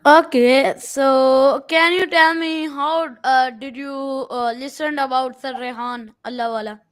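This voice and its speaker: A woman asking interview questions in a hesitant way, with many fillers and halting phrasing. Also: high-pitched, fairly even intonation, smooth.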